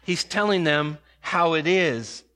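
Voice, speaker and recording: A man preaching a sermon in an emphatic way, slowing and speeding up to stress points. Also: a little high, animated, pushed and bright. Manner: emphatic, varies pace for emphasis. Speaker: pastor.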